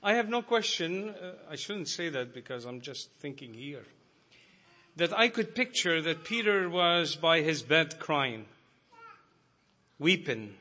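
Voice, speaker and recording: A man's voice: a little high, very animated, unhurried, sharp tone. A man preaching a sermon to a congregation, earnest and growing emphatic.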